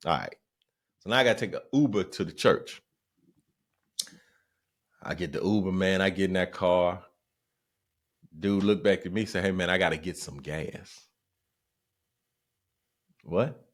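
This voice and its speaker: A man hosting his podcast, telling a casual comic story and jumping into other people's voices. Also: on the low side. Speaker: podcast host.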